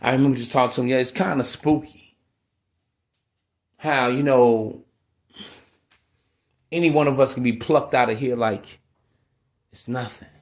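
A man's voice: mid-range voice, fairly even intonation, measured pace, long pauses. A man hosting a podcast monologue, preachy and casual, with slang and constant "man" and "bro.". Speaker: podcast host.

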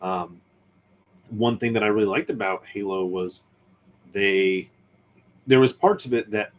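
A man's voice: lowish voice, steady tone, measured pace. A man hosting a podcast in casual chat, speaking in an opinionated, ranting way. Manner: opinionated, ranting about nerd movies and shows. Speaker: podcast host.

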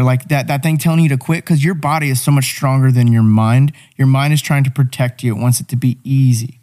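A man's voice: medium pitch, steady tone, fairly quick, few pauses, a little mellow. Young man, podcast guest, swears freely, pushy motivational talk. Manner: blunt, profane, motivational. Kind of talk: casual podcast chat.

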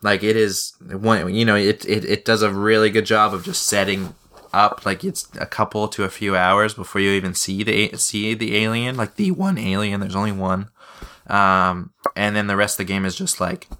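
A man's voice: on the low side, steady tone, moderate pace, bright, forceful tone. A young man rambling and swearing in a casual podcast chat about games, restarting his sentences often. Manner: rambling, profane, many restarts. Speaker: podcast host.

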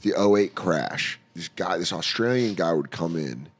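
A man on a casual podcast, telling lively stories with quick impressions and swearing. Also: deep voice. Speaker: podcast guest, comedian.

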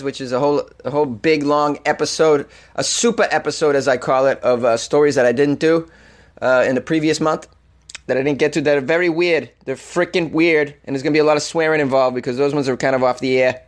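A young man with a Boston accent, hosting a comedy podcast and making a playful, self-mocking announcement. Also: a little high. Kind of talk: casual announcement.

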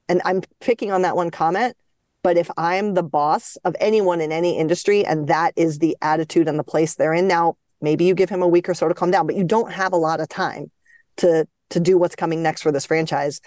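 A woman hosting a hockey podcast, giving measured opinions and steering the talk. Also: lowish voice, fairly even intonation, darkish tone, no echo, clean studio sound. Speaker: podcast host. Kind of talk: casual hockey chat.

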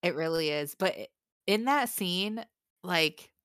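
A woman's voice: fairly low pitch, lively intonation, takes it slowly, fairly bright tone, clear, resonant tone, dry recording, studio quality. A young woman co-hosting a casual book podcast, gushing and giggling as she reads favorite quotes aloud. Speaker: podcast co-host.

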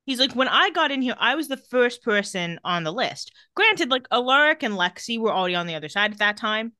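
A woman's voice: fairly high pitch, big pitch swings, a little fast, bright, forceful tone, no echo, clean studio sound. A woman co-hosting a podcast, casually recapping an episode and reading lines with wry asides. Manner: reads out dialogue with wry asides. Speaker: podcast co-host.

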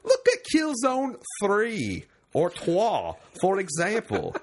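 A sick man reading a letter aloud in a deliberately botched jolly British accent that blends every accent together, slow and exaggerated. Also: sits high, huge pitch swings, slight background noise, voice pushed up, exaggerated voice. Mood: mock-pompous. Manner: slow, exaggerated, laughing through the lines.

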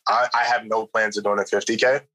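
A man co-hosts a relaxed podcast conversation. He speaks in a fairly low voice and keeps a matter-of-fact tone. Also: a little fast, low-quality recording. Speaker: podcast host. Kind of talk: casual podcast chat.

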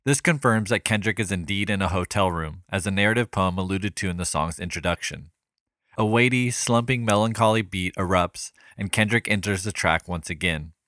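A man hosting a podcast, reading a scripted music analysis in a measured, even way. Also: low-pitched, no echo, studio quality. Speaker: podcast host.

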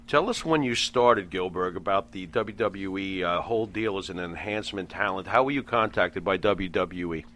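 A male co-host asking guests questions, reacting with expressive disbelief. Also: deep voice, normal speed, few pauses, slight background noise. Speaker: podcast co-host. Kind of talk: casual interview.

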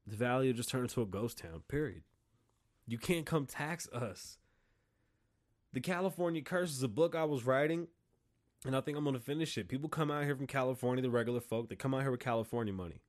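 A man's voice: mid-range voice, brisk. A man from Las Vegas hosting his own podcast, talking in a blunt, profane monologue. He argues his opinions hard, and his voice rises in heated bursts when a point gets to him. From Las Vegas, Nevada. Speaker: podcast host.

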